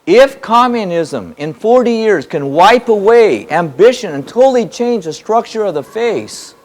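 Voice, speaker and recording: A man's voice: high voice, lively intonation, a little slow, a little mellow. A man with a slightly raised voice delivering a spiritual teaching to a gathered audience. He drives each point with repetition and a string of rhetorical questions, speaking emphatically. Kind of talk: spoken teaching to a live audience. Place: hall in front of an audience.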